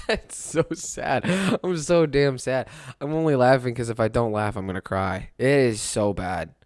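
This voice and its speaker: A man's voice: medium pitch, moderate pace, a little mellow, no echo, studio quality. A young adult man hosting a casual sports talk monologue, rambling and rueful, laughing at his own misery. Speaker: podcast host.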